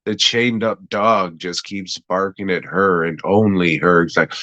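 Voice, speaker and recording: A man's voice: low-pitched, fairly even intonation, measured pace, hardly any pauses, pushed and bright, dry recording, highs cut off. A young man casually reviewing a TV episode, laid-back, meandering and swearing a lot. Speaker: podcast host reviewing a TV episode. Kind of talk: casual, profane review chat.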